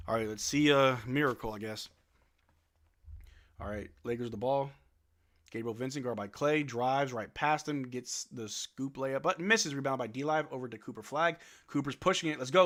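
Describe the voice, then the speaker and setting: A young man with a bright, forward voice gives a fan's casual play-by-play on a live stream. He keeps a laid-back, resigned tone, sighing at his team and calling the action in loose, easygoing talk. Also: mid-range voice, moderate pace. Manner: laid-back, resigned, swears then apologizes. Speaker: live stream watch-along host. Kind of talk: casual fan play-by-play commentary.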